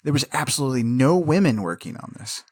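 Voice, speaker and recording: A man's voice: medium pitch, animated, fast, darkish tone, husky, no room sound, clean studio sound. A man co-hosting a casual podcast, chatting about a film, laughing often and rambling through trivia. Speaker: podcast co-host. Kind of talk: casual film discussion chat.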